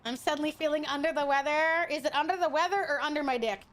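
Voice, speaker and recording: A woman's voice: high-pitched, quick pace, fairly bright tone. A young woman from Hawaii streaming a game and reading chat aloud. She talks in a brash, profane, teasing way and laughs often. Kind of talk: casual gaming livestream, reading chat.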